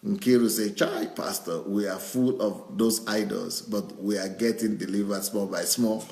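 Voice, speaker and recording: A man's voice: fairly low pitch, steady tone, measured pace, darkish tone. A man, a pastor, reading out viewer comments and chuckling often as he goes. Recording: roomy echo.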